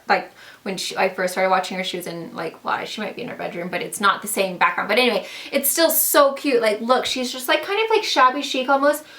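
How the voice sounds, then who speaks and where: A woman's voice: a little high, bright, forceful tone. A young woman with a slight lisp, gushing about her favorite fall finds in a casual vlog, with lots of "like" and "so cute.". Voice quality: slight lisp from dental trays. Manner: bubbly, gushing, says "like" often. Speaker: beauty and lifestyle vlogger. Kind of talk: casual product haul vlog.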